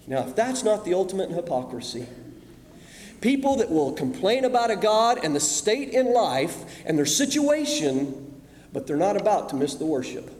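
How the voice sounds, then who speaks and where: A man preaching a sermon, swinging between loud emphasis and hushed asides. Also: sits high, very animated, normal speed. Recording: echoey hall with long reverb.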